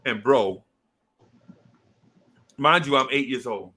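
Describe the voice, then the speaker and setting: Animated New man spinning a story. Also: mid-range voice, a little slow, pauses often. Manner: acts out teachers and kids in quoted voices, heavy slang. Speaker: podcast co-host telling a childhood story.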